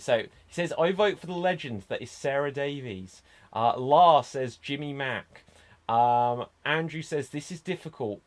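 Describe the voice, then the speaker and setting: A man hosting an online improv show, upbeat and teasing as he introduces scenes and reads out votes. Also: mid-range voice.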